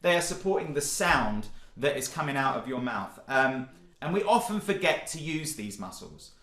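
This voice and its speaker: Cheery guy running vocal warmups, lively bright voice, echoey room. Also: medium pitch, normal speed. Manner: upbeat, encouraging, demonstrates sounds loudly. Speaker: singing workshop leader. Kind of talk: online vocal warm-up session.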